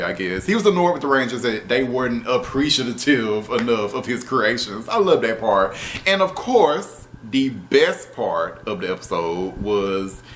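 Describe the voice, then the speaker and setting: A man reviewing a show episode in casual, animated talk, exasperated and profane, with laughing asides. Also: mid-range voice, slight background noise.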